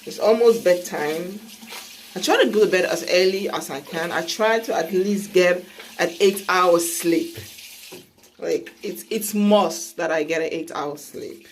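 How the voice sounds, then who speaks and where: A woman's voice: on the low side, unhurried, slight background noise, rough recording. A woman beauty vlogger from Sierra Leone chatting casually at home, self-mocking and chatty. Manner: chatty, self-mocking, breaks into laughs and groans. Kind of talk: casual chat.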